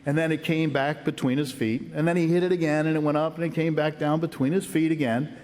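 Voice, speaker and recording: A man's voice: a little high, fairly even intonation, quick pace, darkish tone. Middle-aged man speaking in an echoing hall. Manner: folksy, earnest anecdote telling. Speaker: hall of fame inductee. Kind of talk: acceptance speech with storytelling. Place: large ceremony hall. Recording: long reverb of a big hall.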